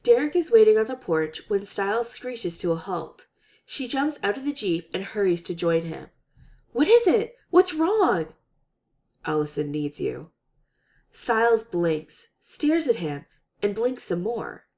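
A woman reading a comic story aloud with expressive, animated narration. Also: mid-range voice, unhurried. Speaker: story reader. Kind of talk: reading fan fiction aloud.

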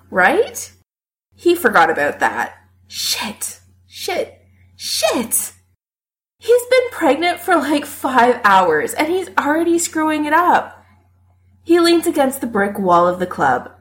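A woman narrating a story with expressive delivery. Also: a little high, a little slow. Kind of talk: story reading.

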